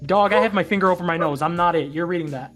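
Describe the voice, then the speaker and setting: A man's voice: high voice, quick pace, music in the background. A man joking around with friends while they read a webtoon, slangy and playful. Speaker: co-host reading a webtoon. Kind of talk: casual comedic chat.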